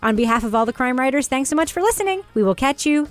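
A woman's voice: sits high, animated, fast talker. A woman hosting a podcast, chatting playfully and laughing often. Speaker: podcast host. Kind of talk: casual podcast chat.

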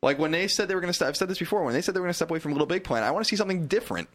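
A man's voice: high-pitched, expressive, racing, a bit bright. A man on a casual podcast, ranting animatedly with strong opinions. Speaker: podcast co-host. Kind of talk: casual chat.

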